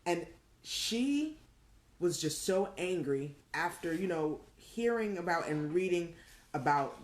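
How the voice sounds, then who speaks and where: A woman's voice: lowish voice, takes it slowly, reverberant. A middle-aged woman co-hosting a live call-in show, talking casually and telling stories, acting out what people said. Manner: animated storyteller, acts out quotes. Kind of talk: casual chat, storytelling. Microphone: video call.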